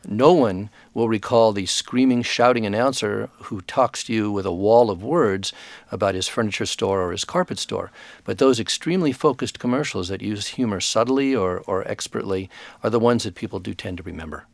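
A man who is an author and guest expert in a radio interview, speaking in a thoughtful, measured way with frequent hesitations. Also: lowish voice, creaky, no room sound.

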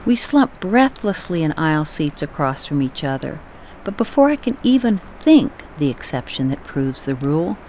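A woman from the United States reading her own personal essay as scripted narration, in a measured, storytelling way. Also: low voice, very animated, darkish tone, a little hiss or hum.

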